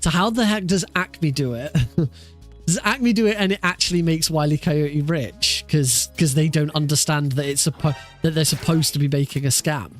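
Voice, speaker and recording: A man's voice: a little high, moderate pace, faint music behind. A man streaming a speedrun practice, chatting casually with viewers, laughing often and swearing freely. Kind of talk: casual live-stream chat.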